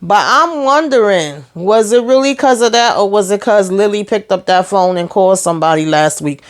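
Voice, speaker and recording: A woman's voice: medium pitch, animated. A woman giving a casual recap of a TV episode, sassy and chatty, scolding the characters directly as she retells scenes. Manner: sassy, talks straight to the characters; retells scenes in quick back-and-forth paraphrase. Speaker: TV show reviewer.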